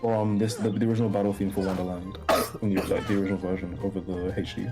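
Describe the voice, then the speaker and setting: A man's voice: deep voice, little pitch movement, quick pace. A man chatting casually on a game stream, rambling and restarting his sentences. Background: music.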